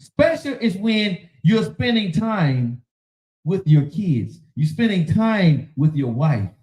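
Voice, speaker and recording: A man's voice: high voice, very animated, slow, darkish tone, roomy sound, low-quality recording. A man hosting a casual relationship talk show, preaching in an emphatic, slangy way. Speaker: podcast host.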